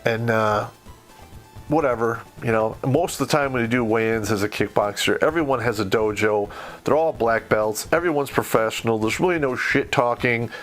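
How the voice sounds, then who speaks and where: Profane, blunt middle-aged storyteller. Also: male voice, medium pitch, moderate pace, fairly bright tone, faint music behind. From Michigan, USA. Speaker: podcast host. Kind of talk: casual storytelling.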